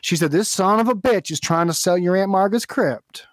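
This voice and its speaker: A man's voice: high voice, fairly quick, dry recording, pitched above the performer's own voice, natural voice. A man playing an indignant, formal caller on a prank phone call who defends his dead aunt and keeps saying sir.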